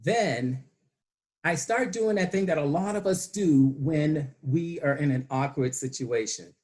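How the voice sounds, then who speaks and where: A man giving a prepared humorous speech to his club over a video call, telling a story with slow dramatic pauses. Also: on the high side, lively intonation. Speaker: club speaker.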